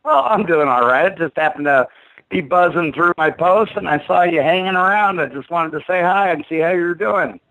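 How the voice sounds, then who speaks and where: A man's voice: on the high side, lively intonation, normal speed, bright, forceful tone, no echo, poor audio. A man calling in to a talk show, chummy and joking with the host. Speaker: caller. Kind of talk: casual phone call.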